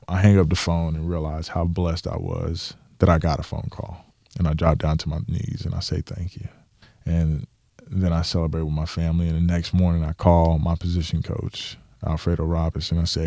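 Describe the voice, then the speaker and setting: Low, dark-voiced young man telling a story. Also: moderate pace, dry recording, studio quality. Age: young adult. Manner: animated storyteller, acts out his own past thoughts. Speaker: NFL tight end, guest. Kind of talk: casual interview storytelling.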